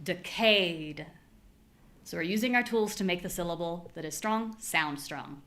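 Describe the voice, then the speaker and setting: An American woman teaching a live online pronunciation class, modeling words with clear, exaggerated stress. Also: fairly low pitch, animated, normal speed, a bit bright.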